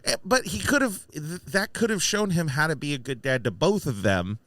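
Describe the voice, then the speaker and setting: A man co-hosting a casual film review podcast, animated, often acting out lines in mocking voices. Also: on the high side, normal speed, no echo. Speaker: podcast co-host.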